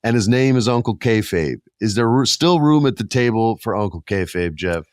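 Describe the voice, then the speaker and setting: A middle-aged man hosting a casual podcast, animated and jokey, often jumping his pitch for emphasis. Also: normal speed, dry recording, studio quality. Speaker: podcast host.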